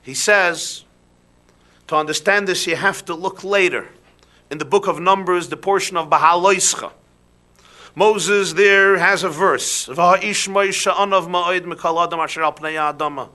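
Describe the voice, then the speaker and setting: A man, a rabbi, giving a sermon with animated rhetorical questions that drop into soft emphasis. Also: high-pitched, a little slow.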